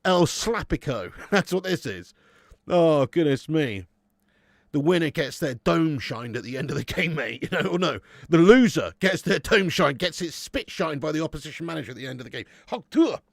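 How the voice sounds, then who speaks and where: A man's voice: on the high side, animated, normal speed, gravelly, no room sound, clean studio sound. A man in his late thirties hosting a live football watch-along, chatting loosely with viewers, swearing, and calling them "mate" and "lad". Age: 30s. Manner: laid-back banter, swears, calls viewers "mate" and "lad".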